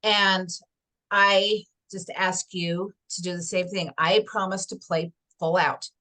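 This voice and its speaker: A woman's voice: on the low side, flat delivery, takes it slowly, pushed and bright. A woman hosting a motivational workshop, talking enthusiastically, laughing often and telling stories. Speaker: workshop host and motivational coach. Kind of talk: motivational workshop talk with storytelling.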